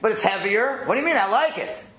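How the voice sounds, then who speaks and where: Animated man teaching a Torah class. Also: high-pitched, fast, slight background noise. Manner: animated, asks rhetorical questions, acts out quotes. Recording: roomy echo.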